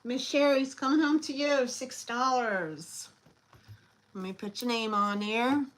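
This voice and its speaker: A woman hosting a live online sale, chatty and scattered, often pausing with fillers as she shows each item. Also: fairly high pitch, rough recording. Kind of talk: casual live selling chat.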